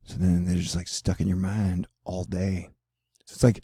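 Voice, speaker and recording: Low-pitched, warm and a bit rough with vocal fry, he speaks at a moderate pace in echo-free studio audio. This middle-aged man from the US hosts a relaxed weather video, meandering, kidding around and leaning on fillers.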